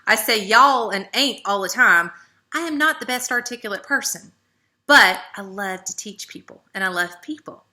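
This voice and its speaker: A woman from the American South with a Southern accent, giving a chatty, animated motivational talk to her team as a leader. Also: medium pitch, normal speed. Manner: chatty, animated, with frequent "right?" and "okay". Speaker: network marketing team leader.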